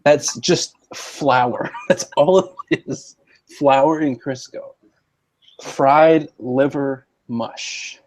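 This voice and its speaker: A man in a loose, casual chat, joking and rambling, often stopping to restart his sentences. His voice sits at a plain middle pitch. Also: fairly even intonation, very slow, a little mellow, low-quality recording.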